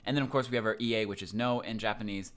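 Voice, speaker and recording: A young man with a fairly low voice walks through Japanese grammar in a relaxed, loose way, sprinkling in ums and likes as he explains. He sounds like a casual online language teacher. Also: fast.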